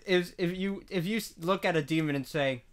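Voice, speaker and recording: A man's voice: high voice, fairly quick. A man co-hosting a casual comedy podcast, telling jokes with a straight face and then laughing at them. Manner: playful, deadpan jokes that dissolve into laughter. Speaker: podcast co-host.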